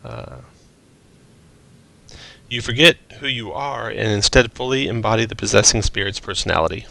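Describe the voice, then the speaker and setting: Gravelly man running a tabletop game. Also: on the low side, animated, moderate pace, pushed and bright. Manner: descriptive narration with casual asides. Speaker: game master.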